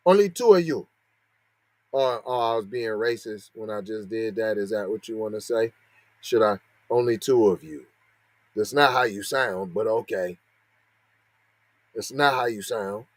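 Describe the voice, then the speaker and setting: A man's voice: lowish voice, steady tone, unhurried, no room sound. Sarcastic man hosting a podcast. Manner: sarcastic, mocking, asks a string of rhetorical questions. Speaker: podcast host. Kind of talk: heated commentary on a news story.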